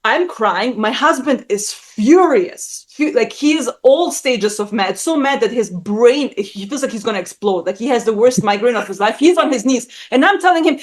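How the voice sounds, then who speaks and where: Animated, blunt-talking woman telling a story. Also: normal speed. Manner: acts out quoted voices with big pitch jumps. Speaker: guest. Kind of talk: casual chat.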